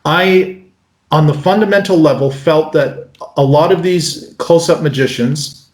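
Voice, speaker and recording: A North American magician in his forties answering interview questions in a lively way. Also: a little high, a little slow. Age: 40s. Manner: animated, breaks into mock voices. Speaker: magician guest. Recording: roomy echo.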